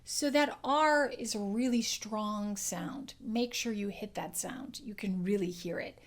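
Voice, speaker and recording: A woman accent coach giving an explanatory lesson, clearly demonstrating individual sounds. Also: medium pitch, a little slow.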